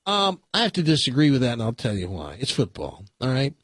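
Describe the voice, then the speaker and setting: Man, radio talk host, blunt and argumentative, lively up-and-down pitch, slightly husky, dry studio mic. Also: brisk, dry recording. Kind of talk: casual opinion talk and joke telling.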